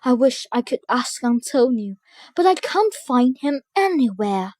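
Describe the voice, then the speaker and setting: A woman's voice: on the high side, very animated, a little slow, a little mellow, dry recording. A woman voicing a bewildered young man caught in mix-ups. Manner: puzzled.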